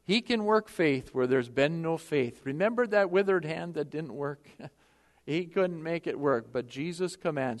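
Brief: male preacher, high voice, impassioned sermon that swings loud to hushed, long church reverb. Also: lively intonation, unhurried.

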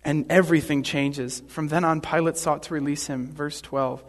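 A man's voice: a little high, steady tone, normal speed, in a large hall. A man preaching a sermon in an earnest, explanatory way.

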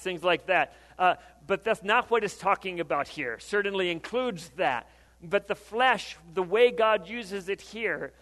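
High-voiced male pastor in a reverberant hall. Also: a bit bright. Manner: conversational, asks the congregation questions. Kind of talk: sermon.

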